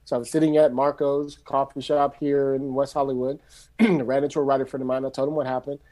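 A middle-aged man from San Francisco, a screenwriter telling his story in a loose, animated, casual way and swearing freely. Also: medium pitch, fast talker. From San Francisco, USA. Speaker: screenwriter guest.

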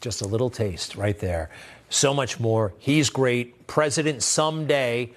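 A man's voice: medium pitch, a little slow. A man hosting a news show, giving blunt, sarcastic political commentary in a conversational way. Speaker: host.

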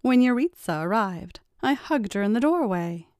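A woman's voice: mid-range voice, animated, moderate pace, a little mellow, dry recording. A woman reads a first-person story aloud, teasing and taunting as she goes. Her voice sits in a middle range. The recording is very dry, with no room sound. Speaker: story narrator.

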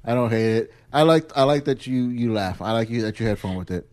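A man chats loosely on his podcast. He laughs as he tells the tale and slips into impressions of his wife, at a middle pitch. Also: brisk, a little mellow. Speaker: podcast host. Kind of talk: casual chat.

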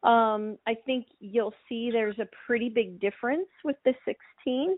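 A woman winemaker as an interview guest, talking in a relaxed, hesitant way with many pauses. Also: fairly high pitch, dry recording. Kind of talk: casual interview. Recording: dry, phone-like call audio.

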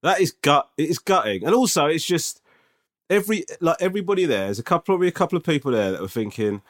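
A man in his forties co-hosting a casual podcast, telling animated, self-mocking stories. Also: a little high, fast. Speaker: podcast co-host. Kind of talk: casual chat.

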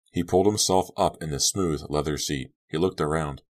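A man narrating an audiobook in steady, clipped storytelling. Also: a bass voice, moderate pace, few pauses. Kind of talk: scripted narration.

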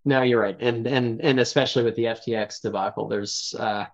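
A man's voice: mid-range voice, steady tone, fairly quick. A man who co-founded a startup, explaining his work thoughtfully as an interview guest. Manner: thoughtful, explanatory, frequent fillers. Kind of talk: casual interview chat. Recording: slightly dull lo-fi audio.

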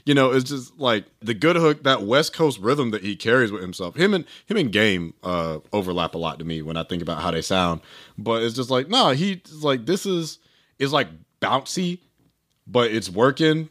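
A man co-hosting a casual album review chat, animated and slangy, acting out quotes in funny voices. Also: medium pitch, normal speed. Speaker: podcast co-host.

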